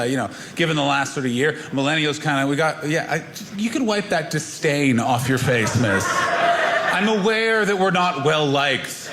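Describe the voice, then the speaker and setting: A man in his thirties doing a stand-up set in a club, dry, wry and a little halting. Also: on the high side, pushed and bright. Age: 30s. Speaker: stand-up comedian. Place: comedy club stage. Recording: echoey noisy club room.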